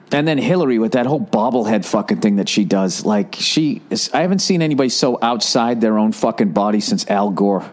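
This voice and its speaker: A man's voice: fairly low pitch, fairly quick, hardly any pauses, slight background noise. Profane ranting man hosting a podcast. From United States. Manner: profane, ranting, animated impressions. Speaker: podcast host. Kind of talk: casual comedic monologue.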